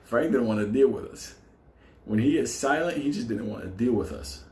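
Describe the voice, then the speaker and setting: A man telling a profane story, laughing often and talking with animated energy. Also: mid-range voice, normal speed. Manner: laughing, animated, heavy swearing. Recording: echoey room with faint ambience.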